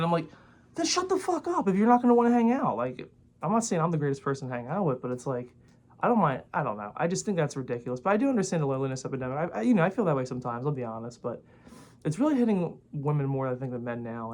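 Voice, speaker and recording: A man's voice: on the high side, darkish tone. A man in his twenties ranting casually to the camera, rambling and blunt, swearing often and filling his talk with "like". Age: 20s. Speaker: vlogger.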